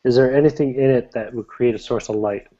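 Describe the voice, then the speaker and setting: A man's voice: medium pitch, fairly quick, warm tone. A man playing in a tabletop game, casually asking about his gear and moves. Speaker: player. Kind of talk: casual chat. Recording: dull lo-fi voice call audio.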